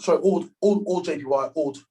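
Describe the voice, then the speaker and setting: A man's voice: a little high, mellow. A man casually chatting about trading with a friend, stumbling over words and restarting often. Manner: halting, many restarts, says "bro". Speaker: trader. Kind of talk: casual chat.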